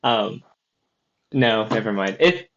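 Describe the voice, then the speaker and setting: A man's voice: on the low side, expressive, slow pace, a bit bright. A man co-hosting a casual podcast chat, rambling with lots of fillers and restarts. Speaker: podcast co-host. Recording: dull lo-fi audio.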